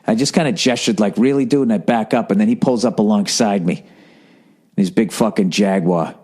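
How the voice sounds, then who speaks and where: A man's voice: fairly low pitch, moderate pace, a little mellow, husky. Profane, self-mocking man in his forties. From United States. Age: 40s. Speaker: podcast host, comedian. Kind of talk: casual storytelling rant.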